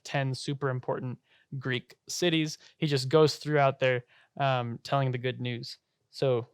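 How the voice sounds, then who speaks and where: A young man casually retelling a Bible story in a relaxed study talk, with lots of fillers and light laughter. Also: mid-range voice, clean tone, no room sound, studio quality. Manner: chatty, filler-heavy retelling with frequent laughs.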